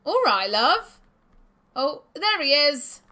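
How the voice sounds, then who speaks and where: Woman, game streamer, high voice, casual, chatty commentary. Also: big pitch swings, takes it slowly, bright, forceful tone, faint music behind. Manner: chatty, giggly asides.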